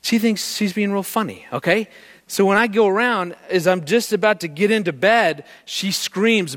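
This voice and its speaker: Lively man telling a marriage story. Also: high-pitched, brisk. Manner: animated storyteller who quizzes the audience. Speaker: marriage speaker giving a presentation. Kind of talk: live talk to an audience.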